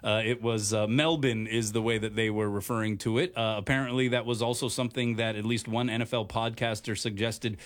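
A man from Hawaii hosts a relaxed sports talk show. He speaks in a halting, stop-start way, leaning on lots of fillers. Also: on the low side. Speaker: radio show host.

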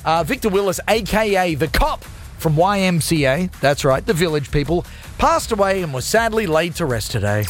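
A man's voice: high voice, big pitch swings, normal speed, soft background music. A man hosting a radio show, talking in jokey, self-mocking, hyped patter. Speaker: radio host.

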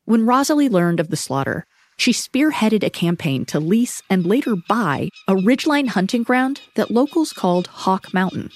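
Woman reading a measured radio script. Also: medium pitch, very animated. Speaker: radio narrator, host.

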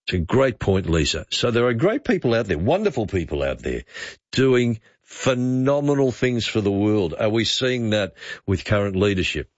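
A man's voice: fairly low pitch, sing-song, moderate pace, no echo. A male talkback radio host who muses aloud and reads out listener texts. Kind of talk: late-night talkback radio. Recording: muffled radio broadcast.

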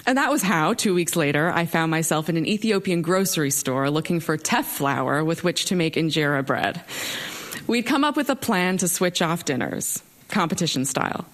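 A young woman telling a wry personal story to a live audience from a stage, with expressive delivery. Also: on the low side. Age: young adult.

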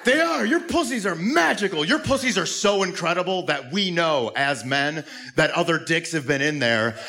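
A man doing a profane stand-up set in a comedy club, shouting his punchlines. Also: fairly high pitch, animated, normal speed. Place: comedy club before a live audience. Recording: noisy live club recording.

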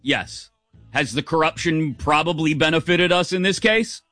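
A man's voice: normal speed, dry recording, soft background music. An American man hosting a sports radio show, giving a sarcastic, opinionated monologue. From United States. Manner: sarcastic, animated, shifts pitch for emphasis.

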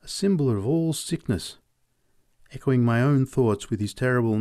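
A man reading short stories aloud in a measured storytelling manner. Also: no room sound, studio quality. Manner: measured storytelling, lively pitch. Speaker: reader. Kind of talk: audiobook narration.

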